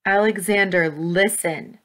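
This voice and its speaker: A woman voicing a stern grown man who booms and pleads with measured force in a read-aloud story. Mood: booming. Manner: booming, slow and forceful.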